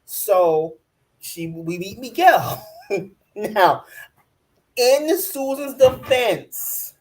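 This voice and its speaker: A man co-hosting a casual TV recap chat, talking in an animated way, laughing often and repeating himself. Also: high-pitched, drawn-out words. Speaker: podcast co-host.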